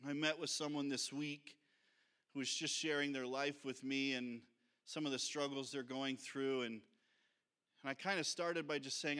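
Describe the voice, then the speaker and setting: A man's voice: mid-range voice, fairly even intonation, pushed and bright, clear, resonant tone. A man preaching a sermon as pastor, talking in an earnest, reflective and conversational way. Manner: sings slowly to lead the congregation.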